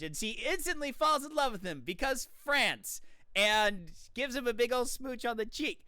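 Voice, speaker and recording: A streamer telling a story in casual live-stream chat, animated and enthusiastic. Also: medium pitch, moderate pace, clear, resonant tone, no echo.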